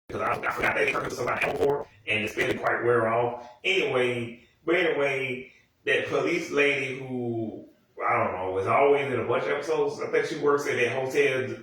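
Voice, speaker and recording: Male host in his thirties, bright-toned, meandering and profane, recorded far from the mic in a roomy space. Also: medium pitch. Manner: rambling, meandering, profane, frequent "anywho" asides. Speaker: show recap host. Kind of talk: casual rambling episode recap. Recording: echoey room, mic far off.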